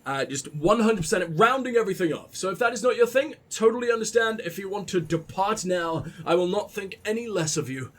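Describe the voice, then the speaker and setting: A man's voice: high voice, expressive, fairly quick, few pauses, a bit bright. A man hosting a video game let's play, rambling and swearing as he gushes about the game, tired after a late night. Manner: profane, gushing, rambling.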